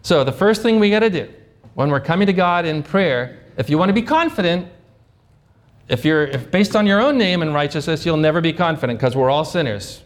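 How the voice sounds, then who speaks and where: A pastor preaching a sermon, asking rhetorical questions and acting out sample prayers. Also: male voice, on the high side, lively intonation, fairly quick.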